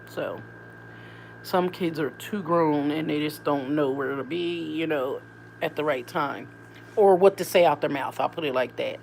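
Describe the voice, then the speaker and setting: A woman's voice: on the low side, slight background noise. A woman vlogger and mother talking casually to her viewers, rambling from one thought to the next. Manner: rambling, conversational, animated asides. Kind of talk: casual chat to camera.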